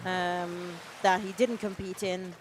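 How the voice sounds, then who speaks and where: A woman's voice: lowish voice, flat delivery, takes it slowly. A woman commentating a livestream in a chatty, encouraging way, reading out names from the chat. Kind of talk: live sports commentary, chatty. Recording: noisy boat deck ambience.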